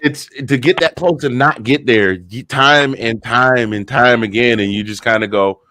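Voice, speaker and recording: A man in his fifties, an excited podcast guest, telling stories and acting out quotes, short on sleep. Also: mid-range voice, normal speed, few pauses, no room sound. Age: 50s. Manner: animated storyteller who acts out quotes. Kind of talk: excited casual chat.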